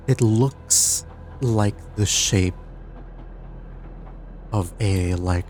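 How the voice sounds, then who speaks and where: A man's voice: fairly low pitch, a little mellow, a little hiss or hum. A man narrating as game master of an online tabletop game, stumbling and restarting as he describes things. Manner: halting, restarts while describing, self-deprecating.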